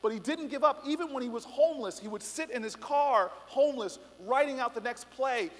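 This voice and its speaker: A middle-aged man gives a passionate, rousing speech at a student rally, weaving in stories and building to emphatic appeals. His voice is very high-pitched, a little fast, with few pauses. Echoey hall reverb colors the recording.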